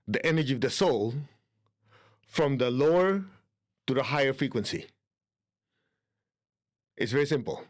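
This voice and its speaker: A man teaching spiritual healing in a conversational way. He often checks in with his listeners and acts out inner dialogue. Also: mid-range voice. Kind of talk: instructional talk on spiritual healing.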